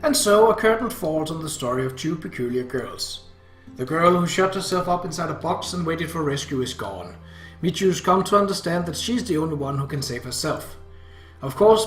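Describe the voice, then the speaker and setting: A man reading a visual novel aloud, narrating in a measured, earnest way. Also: fairly high pitch. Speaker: reader. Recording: roomy echo, faint guitar music.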